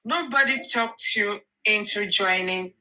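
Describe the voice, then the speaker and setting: Bright-voiced Nigerian woman, earnest. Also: medium pitch, unhurried, slight background noise, poor audio. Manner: earnest, encouraging, repeats herself, mixes pidgin and Yoruba. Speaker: social media commentator. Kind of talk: casual live audio chat.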